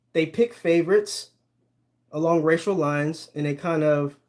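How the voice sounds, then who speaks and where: High-voiced chatty man streaming live. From Ohio, US. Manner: chatty, addresses viewers directly, laughs often. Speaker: sports channel host. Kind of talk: casual livestream chat reading comments.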